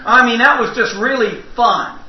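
A man's voice: very high voice, moderate pace. A middle-aged man preaching a sermon, telling folksy stories and asking the congregation questions. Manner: folksy storytelling with audience asides. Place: church sanctuary. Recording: roomy, distant, muffled church recording.

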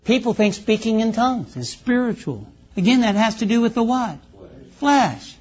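A man's voice: very high voice, expressive, normal speed, darkish tone, slightly rough, muffled recording. A man preaching a sermon in a folksy, conversational way, calling out to his congregation.

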